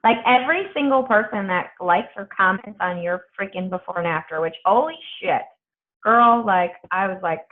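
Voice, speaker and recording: A woman's voice: medium pitch, normal speed. A woman coaching her team on a video call, chatty and blunt, swearing freely. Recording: tinny phone-like video call audio.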